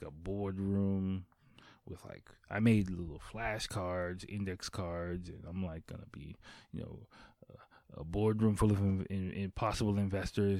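A man's voice: low voice, dry recording. A man telling a rambling, profane anecdote in a casual way, acting out the other people's lines. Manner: profane, animated anecdote with acted-out quotes. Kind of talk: casual storytelling.

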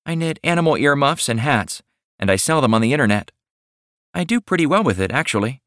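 A man voicing a shy, sweet young woman in her late twenties with a soft, breathy drawl in an audiobook. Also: medium pitch, very animated, fairly quick, dry recording, clean studio sound, pitched above the performer's own voice. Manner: hesitant and shy. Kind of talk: audiobook narration.

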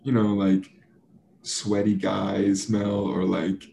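A man's voice: on the low side, monotone, slow, creaky, mellow. A young man hosting a casual interview, laughing easily and asking loose, rambling questions. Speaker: host. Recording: roomy echo, faint background hum.

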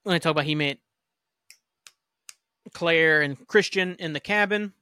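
A man rambles through a TV episode recap on his podcast, swearing freely and acting out quoted lines. His voice sits a bit high for a man. The recording is dry, with no room sound. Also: a little slow, smooth, dry recording. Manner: rambling, profane, animated retelling with quoted lines. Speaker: podcast host. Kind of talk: casual solo rewatch recap.

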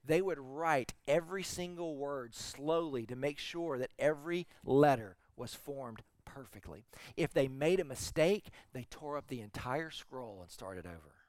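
A man preaching a sermon as teaching pastor, telling stories conversationally and moving between quiet, soft passages and emphatic points. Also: medium pitch, animated, unhurried, no echo.

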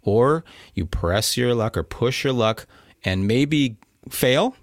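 A man's voice: mid-range voice, lively intonation, slow, dry recording, clean studio sound. A man co-hosting a podcast, explaining a board game in casual chat and chuckling at his own slips. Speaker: podcast co-host.

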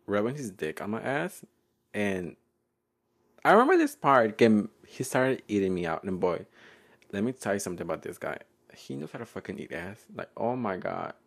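Young guy w/ rambling on his podcast, giggly, voice jumps all over. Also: mid-range voice. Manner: playful, giggly, code-switching, often loud and laughing. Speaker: podcast host. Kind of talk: casual solo podcast storytelling.

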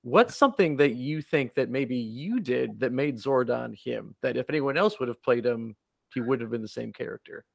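A man's voice: medium pitch, moderate pace, vocal fry, dry recording. A male interviewer asking an enthusiastic, admiring question.

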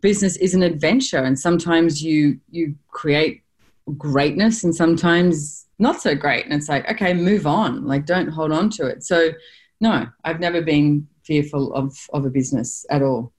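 A woman's voice: low voice, moderate pace. An Australian woman hosting a podcast, chatting casually and telling stories with acted-out quotes. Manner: animated storyteller, laughs often, acts out quotes. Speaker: podcast host. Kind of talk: casual conversational interview.

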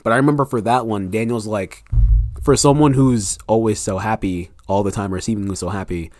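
A man's voice: lowish voice, a little fast, dry recording, soft background music. Young man telling stories, dry sound. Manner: animated storytelling, acting out scenes. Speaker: author guest. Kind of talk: casual podcast chat.

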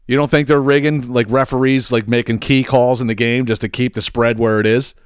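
A man's voice: medium pitch, steady tone, a little fast, smooth, dry recording, studio quality. A man hosting a podcast, ranting profanely in a casual style and often stumbling over repeated words. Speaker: podcast host.

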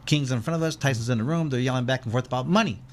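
A man's voice: medium pitch, rapid-fire, a little hiss or hum. A former boxer telling a long rambling story as an interview guest, acting out the voices of the people he quotes.

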